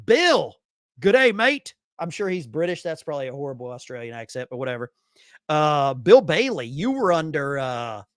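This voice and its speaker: A man's voice: on the high side, fairly bright tone, no room sound, clean studio sound. A man hosting a casual live stream, reading chat messages aloud with bursts of enthusiasm. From Arkansas.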